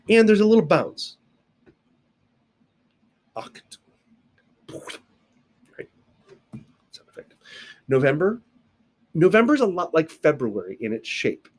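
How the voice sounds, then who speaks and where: A sign language teacher with a mid-range, breathy-edged voice gives a casual recorded video lesson, explaining step by step. He adds playful sound effects and asides while recorded alone indoors on camera.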